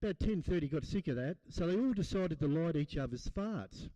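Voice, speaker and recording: A middle-aged Australian man doing stand-up, rambling and blokey as he chats to the crowd. His voice sits high for a man and sounds close and dry, with no room around it. He talks in loose asides and rough, matey jokes. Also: animated, a little fast, warm tone, dry recording, low-quality recording. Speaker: stand-up comedian. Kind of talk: stand-up comedy set. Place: comedy gig in a hall.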